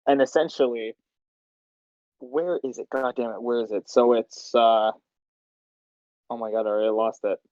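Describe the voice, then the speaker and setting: A man's voice: medium pitch, fairly even intonation, normal speed, long pauses, a little mellow, no echo, muffled recording. A man directing a voice session, rambling and laughing as he explains the scenes. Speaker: machinima director and writer. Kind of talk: casual directing chat.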